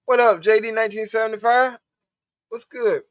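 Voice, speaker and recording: A man's voice: high-pitched, fairly even intonation, moderate pace, a bit bright, no echo. A man hosting a live stream, rambling casually and profanely while he talks to his chat. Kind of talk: casual livestream monologue. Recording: dull, dry lo-fi stream audio.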